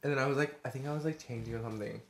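A man's voice: mid-range voice, rapid-fire. Playful man joking in an echoey room. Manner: playful, teasing, blunt jokes. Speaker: podcast co-host. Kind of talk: casual chat.

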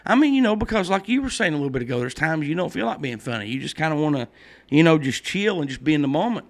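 Middle-aged man, podcast host, slightly high voice, rambling casual stories, laughs at his own jokes. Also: big pitch swings, quick pace. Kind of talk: casual chat.

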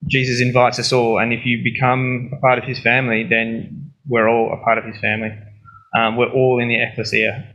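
A man sharing a casual reflection at a church service, relaxed and full of filler words. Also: medium pitch, gravelly, slightly rough, low-quality recording.

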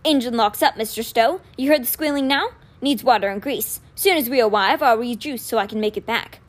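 A woman's voice: fairly high pitch, a little fast, natural voice. A woman reading aloud, voicing a plain-spoken male army driver who answers respectfully in a storybook. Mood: deferential. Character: deferential male military driver.

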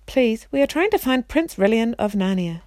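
A woman's voice: sits high, sing-song, moderate pace, warm tone, no room sound, clean studio sound, voice pushed up. A woman voicing an impulsive young girl in a storybook read-aloud. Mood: eager.

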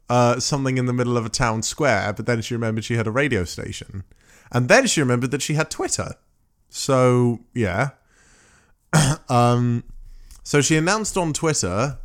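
A man's voice: medium pitch, a bit bright. Rambling, joking male co-host. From England. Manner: rambling, self-correcting, joking. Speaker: podcast co-host. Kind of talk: casual chat recapping a game show.

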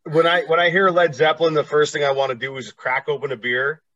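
A man's voice: fairly high pitch, level tone, a little fast, fairly bright tone, no echo, muffled recording. A middle-aged man hosting a casual chat, rambling and laughing easily. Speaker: podcast host.

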